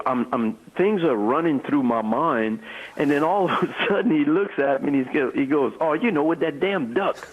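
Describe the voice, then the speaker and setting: An older man, a former ballplayer, telling stories in an interview, halting and repeating words as he goes. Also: mid-range voice, poor audio. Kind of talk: storytelling interview.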